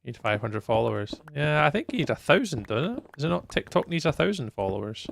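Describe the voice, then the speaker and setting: A man's voice: medium pitch, very animated, a little fast, vocal fry, slight background noise. A Scottish man streaming a game live, chatting casually with viewers in a rambling way and laughing easily. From Scotland. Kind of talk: casual chat while playing a game live.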